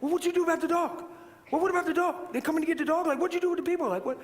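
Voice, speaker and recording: A man voicing an excitable, fast-talking Southern maintenance man with a Southern accent, urgent and insistent. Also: very high-pitched, pitched above the performer's own voice. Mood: worried. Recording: long hall reverb, faint noise.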